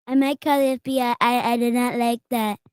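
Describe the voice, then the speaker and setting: High, mellow-voiced deadpan woman. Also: a little fast, smooth, no room sound, clean studio sound. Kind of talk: casual chat, playfully posing as the president.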